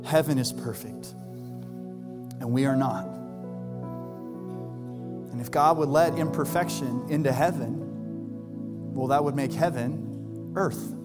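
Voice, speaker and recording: A man pastor delivering an Easter sermon, earnest and emphatic, rising to loud peaks and dropping soft for tender lines. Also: on the high side. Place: large church hall. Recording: live church hall with long reverb and soft music.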